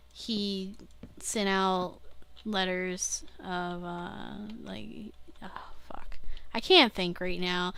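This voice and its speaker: Brief: young woman, slow unhurried talker, smooth clear voice, self-interrupting video-diary chatter. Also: mid-range voice, a bit bright, dry recording. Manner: rambling, self-interrupting, laughs at herself, swears casually. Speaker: vlogger. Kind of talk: casual rambling video diary.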